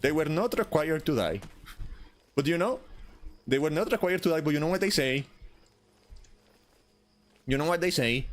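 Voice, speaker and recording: A man's voice: a little high, animated, moderate pace, long pauses. A young man streaming a video game in goofy, rambling casual commentary, often stammering and repeating himself. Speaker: gaming streamer. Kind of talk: casual let's-play commentary.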